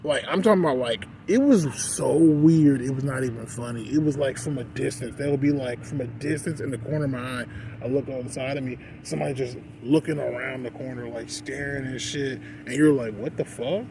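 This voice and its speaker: A man's voice: medium pitch, a little fast, creaky. Rambling, profane man ranting over road noise. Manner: rambling, profane, constant "like" fillers. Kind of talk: casual rant vlog.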